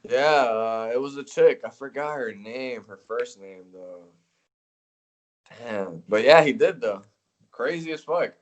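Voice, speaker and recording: A man's voice: medium pitch, unhurried, muffled recording. A man chatting as a podcast guest, laid-back, with short reactions and casual swearing. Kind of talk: casual chat.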